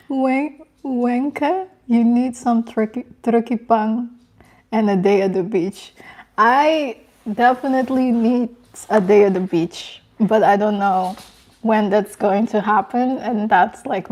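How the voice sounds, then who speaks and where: Slow, soft-spoken young woman chatting. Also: a little high. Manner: soft-spoken, emotional, halting with restarts. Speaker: host of a live stream. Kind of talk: casual live chat reading comments.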